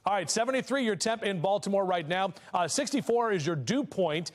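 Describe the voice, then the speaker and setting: Animated jokey male weatherman. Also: sits high, brisk, hardly any pauses. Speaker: weather forecaster. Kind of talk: playful morning weather forecast. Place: TV news studio.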